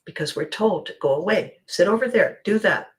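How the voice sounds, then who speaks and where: Expressive woman, dramatic soft drops. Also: medium pitch, brisk. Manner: expressive, acts out scenes, drops to soft near-whisper. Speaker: podcast host. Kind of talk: motivational monologue.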